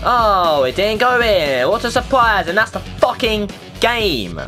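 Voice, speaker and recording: A woman's voice: mid-range voice, sing-song, unhurried, sharp tone, faint music behind. Exasperated woman commenting on gameplay. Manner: exasperated, swearing, self-mocking. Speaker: gaming channel host.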